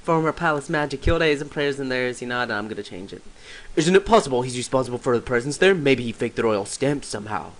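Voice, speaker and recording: A man voicing a skeptical older male chairman of an assembly in a video game, speaking in a measured, doubting way. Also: mid-range voice, lively intonation, close to an everyday voice.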